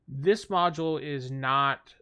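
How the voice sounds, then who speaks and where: A man of middle pitch co-hosting a podcast in easy, casual chat. He keeps it animated and jumps into quoted lines with changes in pitch and pace. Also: takes it slowly, clean tone. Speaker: podcast co-host.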